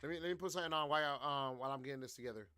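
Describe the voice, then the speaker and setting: A young man streaming, riffing loudly and casually in slang while reacting to clips. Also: mid-range voice, rapid-fire, clean tone, no room sound, studio quality. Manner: loud, slangy, animated riffing.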